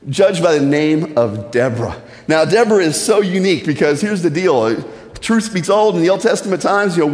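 A man preaching a sermon as pastor, talking in a conversational, joking way and telling stories with lively energy. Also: fairly high pitch. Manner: conversational and joking, building to animated storytelling. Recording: echoey church hall.

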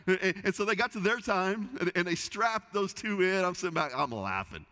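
Bright-voiced pastor in a reverberant hall. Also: male voice, high-pitched, a little fast. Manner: lively storytelling with repeated restarts. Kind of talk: sermon. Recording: long reverb of a large hall.

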